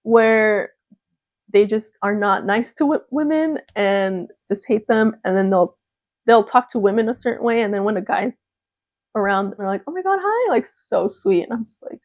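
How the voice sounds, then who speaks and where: A woman's voice: mid-range voice, a little slow, darkish tone, dry recording. A young woman vlogging in a casual chat to camera, talking freely and laughing often. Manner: chatty, laughs often, mimics gushing voices.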